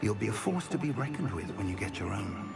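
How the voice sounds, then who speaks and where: A genteel wizard professor. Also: male voice, lowish voice, a little fast, vocal fry. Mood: warm. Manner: genteel, lively and encouraging. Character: kindly older male wizard professor. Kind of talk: video game voice acting. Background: game music.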